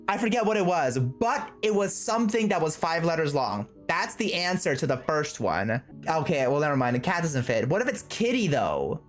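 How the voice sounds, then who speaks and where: Excitable streamer thinking aloud. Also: mid-range voice, normal speed, soft background music. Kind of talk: excited game playthrough chatter.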